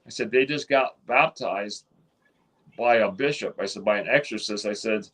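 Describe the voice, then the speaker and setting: A man's voice: on the low side, normal speed, fairly bright tone, rough recording. A man, telling a long story in a casual interview, rambling with many restarts and quoted dialogue. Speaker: interview guest.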